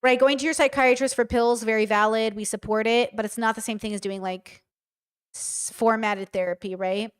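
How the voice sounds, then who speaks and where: A woman's voice: a little high, fairly even intonation, moderate pace, clear, resonant tone. A woman streaming casual live commentary, talking bluntly and with emphasis straight to her chat. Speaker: streamer reacting to a show.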